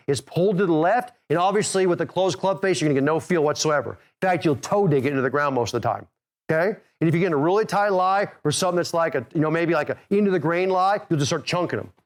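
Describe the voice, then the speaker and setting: Fast-talking, high-voiced male golf coach. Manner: energetic, direct, repeats "okay?" and "guys". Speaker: golf instructor and podcast host. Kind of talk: coaching talk to listeners.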